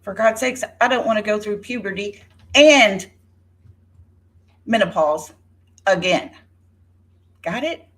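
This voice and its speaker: A woman's voice: medium pitch, animated, slow, long pauses, a bit bright. A woman in her fifties giving an indignant, sarcastic rebuttal on her vlog, speaking straight to a rival by name. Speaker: YouTuber. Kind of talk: rebuttal vlog talking to viewers.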